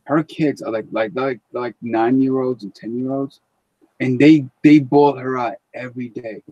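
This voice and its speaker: A man's voice: mid-range voice, steady tone, moderate pace, no echo, dull audio. A man hosting a live stream in casual chat, blunt and rambling, swearing freely.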